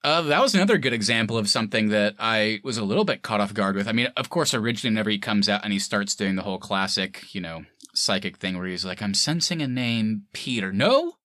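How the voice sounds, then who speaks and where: A man co-hosting a film review podcast in casual chat, animated and laughing often as he acts out scenes. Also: lowish voice, fast, hardly any pauses, dry recording, studio quality.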